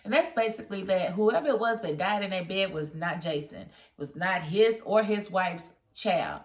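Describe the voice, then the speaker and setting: A chatty woman talks through a TV episode review in a relaxed, casual way, laughing often as she retells scenes. Her voice sits at a middling pitch and carries a roomy echo. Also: moderate pace, distant mic.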